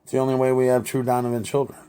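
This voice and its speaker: A man's voice: mid-range voice, monotone, racing, mellow, clean tone, close to an everyday voice. A man voicing a mocking, profane male gang member in an imagined exchange. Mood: taunting. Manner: taunting, profane.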